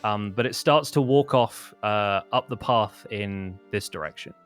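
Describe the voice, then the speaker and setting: A man serves as game master, narrating a tabletop game in a rambling way full of fillers and restarts. His voice is fairly low and a little slow, with faint music in the background.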